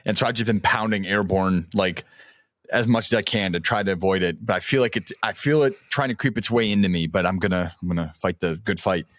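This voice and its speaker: Young man, podcast co-host, rambling casual chat, lowish voice, dry close sound. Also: fairly quick, no room sound. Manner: rambling, laughing, animated storytelling.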